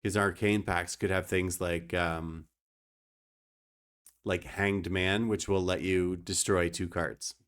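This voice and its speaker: Low-voiced man slowly explaining a game. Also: flat delivery, a bit bright, smooth. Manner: joking, talks to chat. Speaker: streamer. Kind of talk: casual gameplay commentary.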